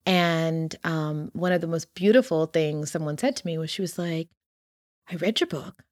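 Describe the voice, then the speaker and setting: A woman's voice: low voice, normal speed, a little mellow, dry recording, clean studio sound. A woman author talking animatedly in an interview, full of "you know" and "like", acting out quotes as she tells stories. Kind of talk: casual interview chat.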